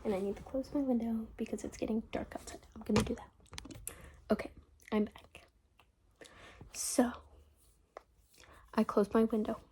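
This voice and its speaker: A teenage girl vlogger rambles chattily in a casual diary vlog, often half-whispering into her phone in her bedroom and saying "like" constantly. Her fairly high voice stays fairly even, at normal speed with long pauses and background noise.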